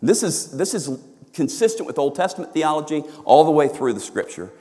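A man preaching a sermon, swinging from hushed, low lines to loud, emphatic ones. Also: big pitch swings, a little fast, breathy edge. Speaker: pastor. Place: church sanctuary. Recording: long reverb of a church hall.

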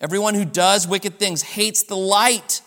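A man's voice: high voice, unhurried, bright, forceful tone, in a large hall. A man preaching a sermon, emphatic, pressing his points with rising stresses. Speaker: pastor.

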